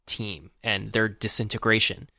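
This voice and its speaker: A man's voice: lowish voice, fairly even intonation, measured pace, gravelly, pushed and bright, no echo, clean studio sound. A man co-hosting a podcast, talking casually about a film with many fillers and restarts. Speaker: podcast co-host.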